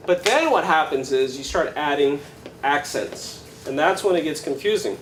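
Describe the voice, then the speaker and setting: A man who plays flamenco guitar, teaching a workshop in a casual, animated way, telling stories and counting beats aloud to a live audience. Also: a little high, normal speed, noisy background. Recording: guitar playing clearly heard behind voice.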